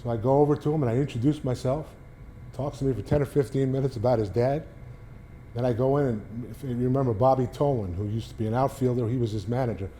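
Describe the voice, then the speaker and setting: A middle-aged man from New York, a sportswriter, telling animated stories and jumping up in pitch when he quotes people. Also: a little hiss or hum. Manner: animated storyteller, raises pitch for quoted lines. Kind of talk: storytelling talk.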